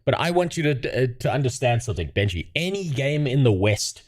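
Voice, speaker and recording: A streamer chats casually with his livestream viewers, rambling, swearing, and laughing often. His mid-range voice moves briskly with big pitch swings.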